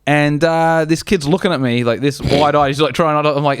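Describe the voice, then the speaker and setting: A man's voice: fairly high pitch, fairly even intonation, a little fast, clean tone, dry recording. A young Australian man co-hosting a comedy podcast, telling rambling, profane stories in casual chat. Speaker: podcast co-host.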